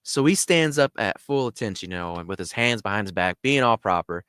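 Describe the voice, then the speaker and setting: A man hosting a show, telling a story in a casual, animated way with lots of fillers. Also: lowish voice, fairly quick, hardly any pauses, clear, resonant tone, no echo, clean studio sound. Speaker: host.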